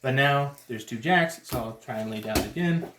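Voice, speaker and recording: A man's voice: mid-range voice, normal speed, fairly bright tone, roomy sound, a little hiss or hum. A man casually demonstrating a card game, talking through his moves as he plays. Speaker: game explainer.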